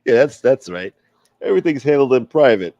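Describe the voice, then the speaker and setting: A man putting on a shrill, boastful tough guy who calls himself a feared sheriff, taunting and cocky. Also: expressive, brisk, a little mellow, no echo, dull audio, natural voice. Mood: mock polite.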